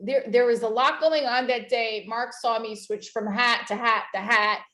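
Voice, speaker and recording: A woman hosting a casual interview, bubbly and quick to laugh. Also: on the high side, fairly even intonation, bright, forceful tone, reverberant. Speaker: host.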